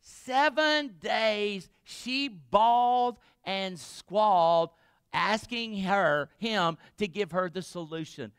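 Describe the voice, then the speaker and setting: A man's voice: high voice, slow, a bit bright, clear, resonant tone, dry recording, clean studio sound. A man pastor preaching a sermon, retelling a story dramatically and asking the congregation questions.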